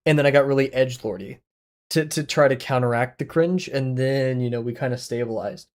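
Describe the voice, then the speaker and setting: A man's voice: mid-range voice, brisk, a little mellow. Chatty young man rambling on stream. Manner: rambling, self-deprecating, chatty with viewers. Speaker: drawing livestreamer. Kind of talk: casual chat while drawing on stream.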